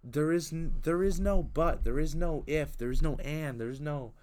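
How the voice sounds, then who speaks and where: A man's voice: a little high, moderate pace. Young man ranting in casual chat. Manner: animated, repetitive restarts, indignant ranting.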